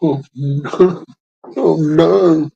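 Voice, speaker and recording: A video creator talking in a silly, rambling way at a slow pace. The speaker jokes around and swears often. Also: medium pitch, vocal fry, mellow, slightly rough, lo-fi sound.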